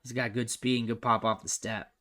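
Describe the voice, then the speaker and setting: A young man giving casual, chatty commentary over football highlight film, thinking aloud and trailing off quietly at the ends of his sentences. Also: level tone, brisk. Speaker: recruiting analyst host.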